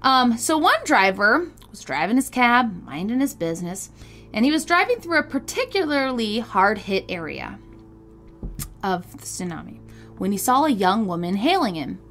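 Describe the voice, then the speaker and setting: A woman co-hosting a chatty podcast, telling a story with plenty of fillers and frequent giggles. Her voice is fairly high and bright, and it rises and falls a lot as she talks. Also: moderate pace, faint music behind. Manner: giggly, animated, lots of fillers. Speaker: podcast co-host. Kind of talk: casual storytelling chat.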